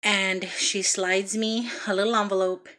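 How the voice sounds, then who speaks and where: A woman telling a heartfelt story about her son's birth in a casual vlog, with many pauses and ums. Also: mid-range voice, level tone, pushed and bright. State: out of breath. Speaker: vlogger, mother.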